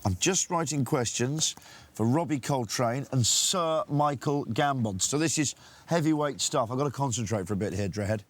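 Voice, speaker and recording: A man's voice: medium pitch, normal speed, no room sound. A man interviewing film actors in a playful, joking junket style. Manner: jokey, with animated put-on exclamations.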